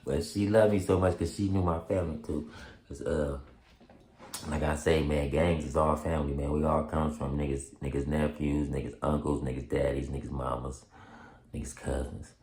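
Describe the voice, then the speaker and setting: A man telling a story in casual street slang, laughing often and acting out quotes in high excited voices. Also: normal speed, echoey room. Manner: heavy street slang and profanity. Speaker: storyteller vlogger.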